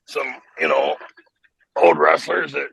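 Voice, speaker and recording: An older man chatting casually as a podcast guest, relaxed and plain-spoken. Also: on the high side, slow pace, vocal fry, slightly rough, poor audio. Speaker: guest fighter. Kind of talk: casual chat.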